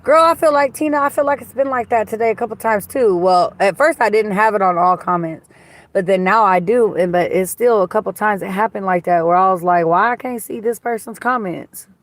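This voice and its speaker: A woman's voice: mid-range voice, brisk, dry recording. Blunt, gossipy woman on a livestream. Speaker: livestream host. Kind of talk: casual live-stream chat reading comments. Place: inside a car.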